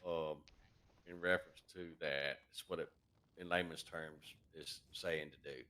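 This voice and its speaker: Deep-voiced man explaining haltingly. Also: fairly even intonation, bright, forceful tone. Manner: halting, lots of uh and um. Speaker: fellow gamer on voice chat. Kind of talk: casual explaining.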